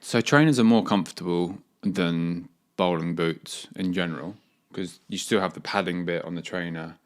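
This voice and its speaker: A man's voice: sits low, moderate pace. A man co-hosting a podcast in casual chat, laid-back and rambling as he explains things. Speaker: podcast co-host, cricketer.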